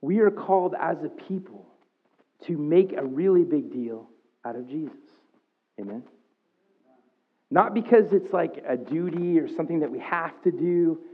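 A male pastor with a slightly high voice delivers an energetic, conversational sermon to his congregation. The sound is thin and tinny, like a phone line. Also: moderate pace, slightly rough. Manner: energetic, conversational preaching that rises in pitch and volume. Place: church.

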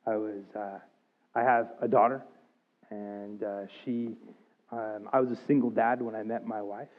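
A man's voice: fairly low pitch, fairly even intonation, a little slow. A man in his thirties preaching a sermon, earnest and confessional, rising to emphatic outbursts. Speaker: pastor. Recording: thin phone-like sound.

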